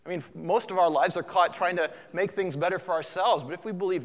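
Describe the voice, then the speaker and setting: A man preaching a sermon as pastor, animated and conversational with flashes of humor. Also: fairly high pitch, a little fast. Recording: long hall reverb.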